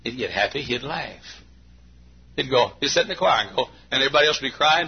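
A man in his late fifties preaching a sermon, folksy and storytelling, with a gravelly voice. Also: racing, lo-fi sound. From Texas. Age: 50s. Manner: folksy, acts out anecdotes with bursts of high imitation and laughter.

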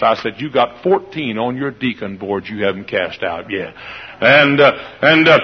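Male preacher, folksy sermon, gravelly husky voice, lo-fi radio sound. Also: medium pitch, normal speed. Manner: folksy, shouts and laughs, leads singing. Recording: dull lo-fi radio recording.

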